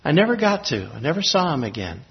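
A man preaching a sermon, telling a personal story in a reflective, halting way with pauses and restarts. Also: on the high side, big pitch swings. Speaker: pastor. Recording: slightly dull lo-fi recording.

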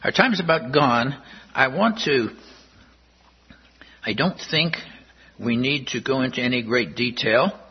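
A man, a pastor, preaching a sermon, working through Bible verses with measured explanation and reading the passages slowly. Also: medium pitch, animated, slightly rough, lo-fi sound.

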